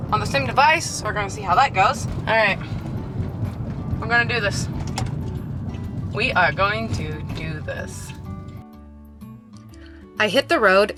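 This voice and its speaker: A woman vlogging her road trip in a chatty, thinking-out-loud way, her mid-pitched voice quickly lifting with excitement. Music plays clearly behind her. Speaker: travel vlogger. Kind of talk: casual vlog chat to camera.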